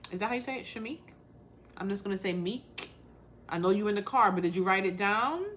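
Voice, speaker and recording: A woman's voice: mid-range voice, fast, a bit bright, a little hiss or hum. A woman hosting a casual crafting livestream, talking bluntly and straight to the point while calling out viewers by name.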